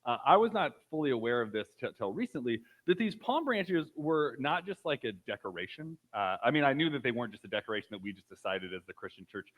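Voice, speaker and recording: A man's voice: medium pitch, very animated, fast, few pauses, fairly bright tone, rough recording. Pastor, male, 30s, mid-range voice, chatty storytelling sermon with lots of fillers. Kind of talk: casual sermon.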